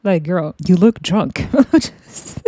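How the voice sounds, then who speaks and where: A woman's voice: on the low side, expressive, takes it slowly, warm tone, no echo. A woman giving casual, opinionated recap commentary on a reality show, chatty and often laughing.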